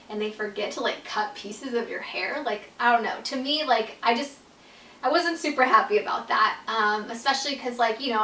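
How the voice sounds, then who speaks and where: A young woman chatting through a casual vlog storytime, her voice bright and on the high side. She fills nearly every phrase with "like" and swears freely. She sits back from the mic in a roomy, echoing space. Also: distant mic. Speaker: YouTuber telling a personal story.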